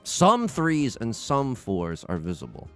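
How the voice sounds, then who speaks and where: A young man commentating his own game as he plays, anxious and pleading, often begging out loud and exclaiming. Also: medium pitch, huge pitch swings, slow, faint music behind. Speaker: let's play host. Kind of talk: live gameplay commentary.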